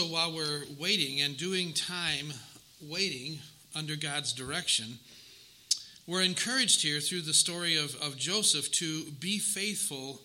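A man's voice: fairly high pitch, sharp tone, low-quality recording. A man preaching a sermon, earnest and emphatic, repeating words for weight and lifting his voice on key phrases. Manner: earnest, emphatic, with repetitions and rising stresses.

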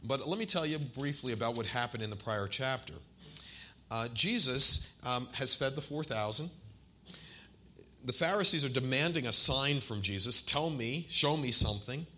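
A man in his forties delivers a sermon in a bright, forceful voice. He puts questions straight to his listeners and slows down to lean on key phrases and scripture quotes. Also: mid-range voice, lively intonation. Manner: asks the congregation questions directly. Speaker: pastor.

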